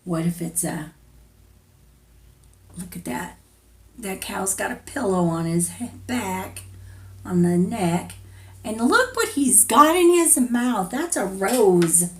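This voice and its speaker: Reading a picture book to little kids, a woman teacher sounds gentle and playful. Her pace is very slow, and her pitch moves in a lively way, rising and falling through every question she asks.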